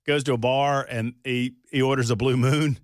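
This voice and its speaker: A male radio talk show host chatting casually in the studio, rambling and animated. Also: medium pitch, normal speed, dry recording. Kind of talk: casual on-air banter.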